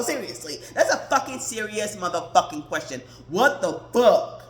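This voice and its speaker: A woman's voice: mid-range voice, very animated, normal speed, a bit bright, slight background noise. A woman hosting a podcast, ranting in a blunt, profane casual monologue. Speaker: podcast host. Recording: roomy echoey recording.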